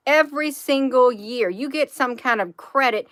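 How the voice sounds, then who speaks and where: Bright-voiced rambling woman in her fifties. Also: high-pitched, moderate pace, no echo, clean studio sound. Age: 50s. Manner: rambling, emphatic, addresses viewers as "you all". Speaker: channel host. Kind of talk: casual livestream talk.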